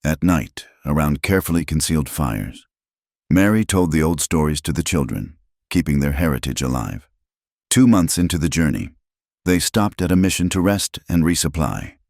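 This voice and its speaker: A man reading a frontier tale as scripted narration in an even storytelling manner. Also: very deep voice, normal speed, creaky, no room sound, clean studio sound.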